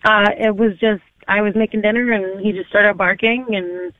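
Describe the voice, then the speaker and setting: A man calls in over a tinny phone line, his voice sitting high for a man. He answers in halting bits and keeps reaching for words. The sound is dry and thin. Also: little pitch movement, no room sound. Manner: hesitant, with many fillers. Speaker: caller. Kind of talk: call-in conversation.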